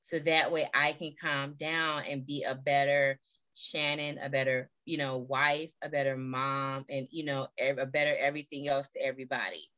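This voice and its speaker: Low, bright-voiced woman, very dry sound. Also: steady tone, moderate pace, dry recording, rough recording. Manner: earnest, heartfelt, with many fillers. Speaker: guest. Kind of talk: personal story in a remote interview. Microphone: video call.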